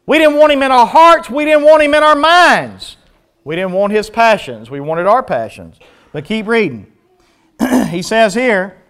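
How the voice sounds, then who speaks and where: A male pastor preaching a sermon, asking the congregation questions and building to loud, high swells before dropping back down. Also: smooth.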